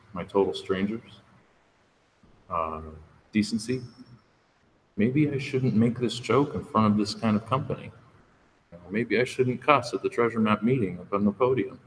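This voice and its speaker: Man speaking at a recovery meeting podium. Frank, conversational testimony, fairly low voice, long reverb in the room. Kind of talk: candid personal testimony. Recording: reverberant room with faint background noise.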